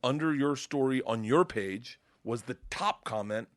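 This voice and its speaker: A male comedian guest telling a profane, animated story on a podcast, laughing as he goes. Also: mid-range voice, a little slow, dry recording, clean studio sound.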